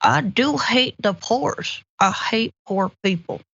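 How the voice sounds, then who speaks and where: A woman voicing a sour, smug older male senator, slow and deadpan in a mock-villainous way. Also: on the high side, vocal fry, slightly rough, highs cut off, exaggerated voice.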